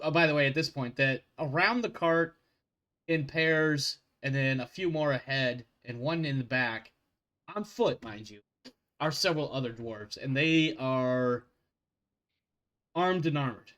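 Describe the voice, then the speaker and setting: A man's voice: medium pitch, unhurried, a bit bright. A man running a tabletop game as game master, narrating casually and rambling. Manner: casual, rambling, self-deprecating.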